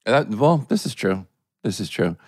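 A man's voice: lowish voice, sing-song, normal speed, darkish tone, breathy edge, dry recording, studio quality. Easygoing man in casual banter. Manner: easygoing, self-deprecating. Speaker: podcast co-host.

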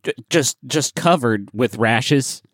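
Animated joking podcast host, man. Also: medium pitch, takes it slowly, no room sound, studio quality. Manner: reads advice aloud with jokey asides, swearing. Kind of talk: comedic podcast banter.

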